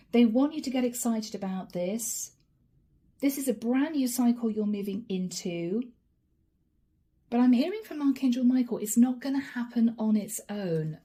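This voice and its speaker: A woman giving a channeled tarot reading in a chatty, animated way, speaking straight to the listener by star sign and dropping to a soft whisper as she names each card. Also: on the high side. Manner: drops to a soft whisper when naming cards. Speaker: tarot reader.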